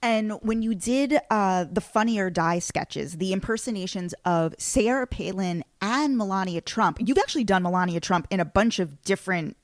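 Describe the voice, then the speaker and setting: A woman's voice: mid-range voice, normal speed, hardly any pauses, no echo, clean studio sound. A woman hosting an interview podcast, asking questions with a fan's enthusiasm. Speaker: podcast host.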